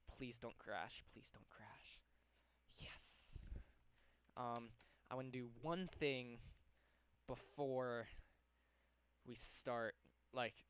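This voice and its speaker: A man's voice: mid-range voice, sharp tone, smooth. A young man live-streaming from home, slightly out of breath, rambling with lots of ums as he works. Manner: rambling, lots of ums, talks to himself while working. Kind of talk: casual live-stream chat.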